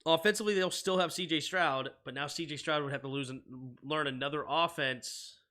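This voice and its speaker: Brief: young male streamer, very bright tone, excitable play-by-play, banter between downs. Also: on the high side, fairly quick. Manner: excitable, rises to shouting on big plays. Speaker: sports stream host and play-by-play caller. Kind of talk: live play-by-play and casual chat.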